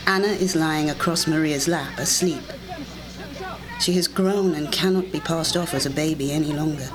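Audiobook narrator, scripted story reading, measured and deliberate, middle pitch.

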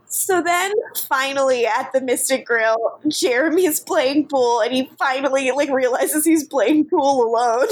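A woman's voice: sits high, measured pace, poor audio. A woman co-hosting a podcast, recapping a TV episode in casual, giggly chat. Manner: giggly, chatty, recaps scenes with acted quotes. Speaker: podcast co-host.

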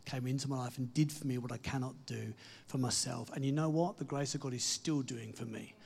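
A man delivers an earnest sermon, encouraging his listeners and leaning hard on key phrases before easing into quieter moments. His voice has a slightly husky edge. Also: mid-range voice, steady tone, a little fast. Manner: earnest, encouraging, emphatic with soft dips and laughs. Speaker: preacher.

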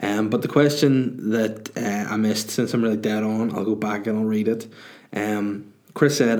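Low-voiced man in a rambling, crude chat. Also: fairly even intonation, normal speed, a little mellow. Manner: rambling, crude and self-mocking. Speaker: podcast host and comedian. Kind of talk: casual chat.

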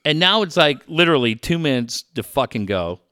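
A middle-aged man telling radio stories in casual chat, animated and profane, laughing often. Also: fairly high pitch, a little fast, clear, resonant tone, no echo, studio quality.

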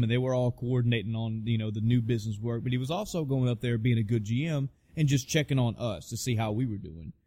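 A man's voice: medium pitch, a little mellow, no echo. Man telling a profane story, dry sound. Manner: profane, rambling with frequent restarts. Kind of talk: casual spoken anecdote.

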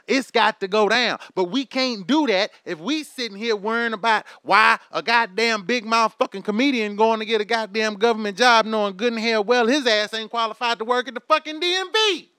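A man's voice: high voice, moderate pace, bright, forceful tone, clear, resonant tone, no room sound, clean studio sound. A man in his thirties delivering a heated, profane, preachy rant straight to his audience. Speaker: vlogger.

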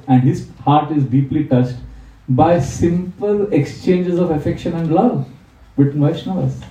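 Man, anecdotal spiritual talk, acts out quotes, dark mellow tone, slightly raised pitch. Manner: warm anecdotal storytelling, acts out the people he quotes. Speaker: monk giving a spiritual talk. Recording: roomy, distant mic.

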